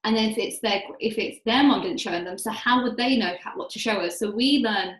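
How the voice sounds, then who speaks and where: A woman's voice: fairly high pitch, a little fast, fairly bright tone. British-born woman, roomy echo. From Britain. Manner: earnest, reflective, with frequent "like" and "you know". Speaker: guest, life coach. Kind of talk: podcast interview conversation.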